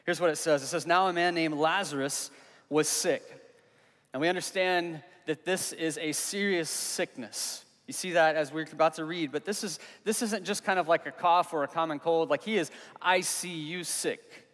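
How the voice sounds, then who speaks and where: A young man preaching a sermon as pastor, earnest and conversational, pausing for emphasis on key words. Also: a little high, fairly bright tone. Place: church hall. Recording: long reverb of a hall.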